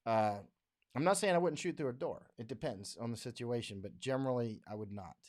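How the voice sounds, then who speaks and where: A man's voice: medium pitch, fairly quick, darkish tone. Blunt, rambling American man livestreaming. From United States. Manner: rambling, blunt, laughs often, mocking voices when quoting others. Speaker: livestream host answering viewer comments. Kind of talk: casual livestream chat. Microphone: studio microphone.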